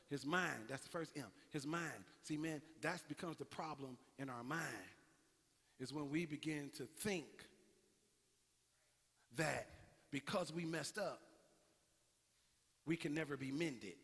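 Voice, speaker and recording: A man preaching a sermon as pastor, telling a story with lively acted-out voices. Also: a little high, unhurried, pauses often, breathy edge. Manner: animated storytelling, acting out characters. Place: church sanctuary. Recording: long hall reverb.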